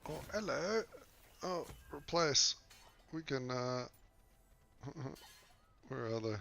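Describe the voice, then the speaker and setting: A man's voice: medium pitch, animated, slow pace, gravelly, pushed and bright, soft background music. A young Australian man with an Australian accent chatting casually while streaming a game, loose and laid-back, swearing now and then. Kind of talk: casual livestream gaming commentary.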